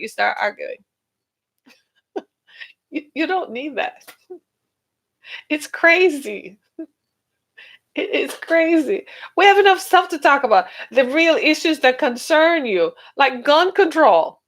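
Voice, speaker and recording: Animated woman hosting an advice talk. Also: a little high. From United States. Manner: animated, laughs often, acts out little dialogues. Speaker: podcast host.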